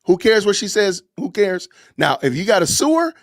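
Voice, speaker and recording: Emphatic high-voiced man ranting. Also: big pitch swings, fast talker, few pauses, dry recording, studio quality. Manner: preachy, repetitive, emphatic. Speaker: podcast host. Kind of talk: impassioned commentary rant.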